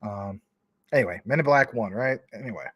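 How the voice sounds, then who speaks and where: A man's voice: on the low side, lively intonation, a little fast, slightly rough, no room sound, lo-fi sound. A man hosting a casual livestream, reading viewer comments in a rambling, informal way with many fillers. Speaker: crypto livestream host.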